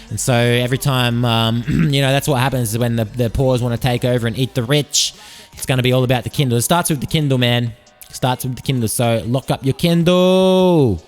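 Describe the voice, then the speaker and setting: A man's voice: medium pitch, darkish tone. A man hosting a solo podcast, joking and meandering as he swears freely through tall tales. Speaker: podcast host. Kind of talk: rambling solo podcast monologue.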